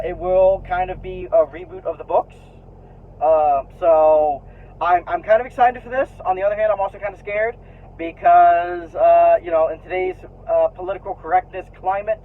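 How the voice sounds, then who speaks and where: Rambling man on a tinny line. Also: sits high. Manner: rambling, full of restarts and fillers; frank, swears when annoyed. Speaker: vlogger sharing opinions. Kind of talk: casual rambling chat. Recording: tinny phone-like sound with faint noise.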